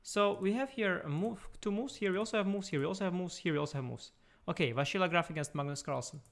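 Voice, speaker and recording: A man with a high, gravelly voice talks fast as he sets up a chess stream at his computer, clicking around and chatting playfully with his viewers. He sounds tired and speaks softly at first, in a casual live-stream style picked up by a desktop USB mic.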